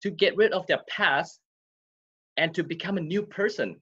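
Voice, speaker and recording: A man's voice: sits high, normal speed, pushed and bright, breathy edge, dull audio. A man giving a casual explanatory talk to his viewers, often checking in with "okay?" and "right?". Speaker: wellness speaker.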